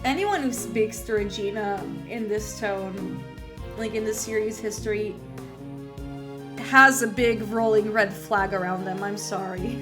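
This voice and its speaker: A woman's voice: medium pitch, measured pace. A woman streamer chatting while playing, trailing off and hunting for words. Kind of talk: let's-play commentary. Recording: loud game music behind.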